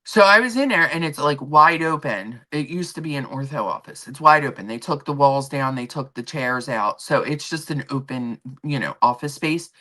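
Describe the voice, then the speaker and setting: A woman hosting a livestream, chatting casually and telling an animated story from work, acting out the people in it. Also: deep voice, normal speed, few pauses. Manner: animated storytelling with quoted voices; rambling with restarts and asides to chat. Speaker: livestream host. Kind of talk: casual chat. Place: home.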